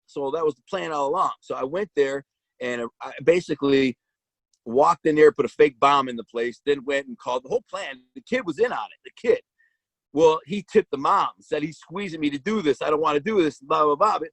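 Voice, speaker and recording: Gravelly man telling a blunt street story. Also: fairly high pitch, normal speed, fairly bright tone, no room sound, rough recording. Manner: blunt street talk with slang and restarts. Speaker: guest telling his life story. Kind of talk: casual storytelling.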